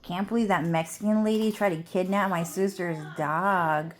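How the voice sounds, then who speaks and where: A woman with a slightly low voice rambles through a casual vlog rant. She swears freely and leans on "like" and "dude" in almost every sentence. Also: steady tone, moderate pace. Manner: profane, fills speech with "like" and "dude". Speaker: vlogger.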